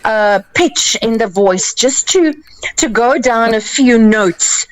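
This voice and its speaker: A woman's voice: fairly high pitch, animated, slow pace, no echo, rough recording. A woman, a life coach giving emphatic, playful advice on a radio show. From South Africa. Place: radio studio.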